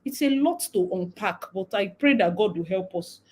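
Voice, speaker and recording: A woman's voice: medium pitch, normal speed, low-quality recording. A young woman from Nigeria with a Nigerian accent, hosting a casual livestream chat and slipping into Pidgin now and then. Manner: animated, mixing in Nigerian Pidgin. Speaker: livestream host.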